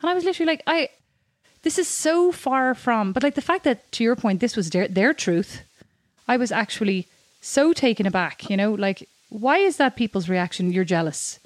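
A woman co-hosting a podcast, chatting in an animated way with many restarts. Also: on the high side, normal speed, dry recording. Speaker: podcast co-host. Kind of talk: casual chat.

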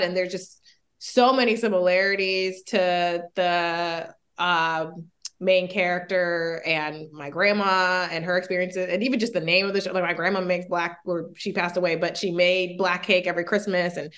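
A woman's voice: lowish voice, fairly bright tone. A young woman, a comedy writer, chatting casually as a podcast guest, talking things through thoughtfully and laughing now and then. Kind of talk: casual chat.

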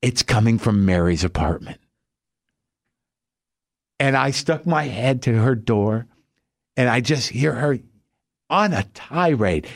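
A man hosting a podcast, telling a profane, ranting comic story in an animated way. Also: medium pitch, a little slow, pauses often, dry recording, clean studio sound. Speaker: podcast host. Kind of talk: comic monologue.

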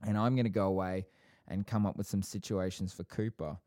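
A man co-hosting a casual podcast, talking fast and rambling with frequent fillers and asides. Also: low voice, steady tone, dark tone, no echo, clean studio sound. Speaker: podcast co-host.

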